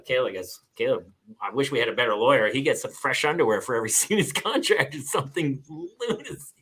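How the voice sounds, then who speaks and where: A man spinning animated anecdotes on a chatty podcast, his pitch bouncing all over. His voice is bright and forward, and he laughs often as he talks. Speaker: podcast host; actor. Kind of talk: casual chat, storytelling.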